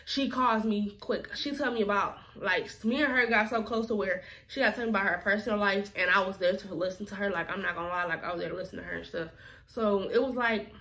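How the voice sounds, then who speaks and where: A woman's voice: medium pitch, quick pace, bright, forceful tone. A woman vlogger telling a personal story in a casual, chatty, slangy way.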